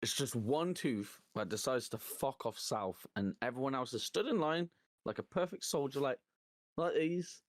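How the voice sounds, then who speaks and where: A man telling animated stories at a middle pitch, laughing often and swearing freely. His voice sounds dry and close, with no room echo. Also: moderate pace. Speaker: co-host. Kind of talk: casual chat.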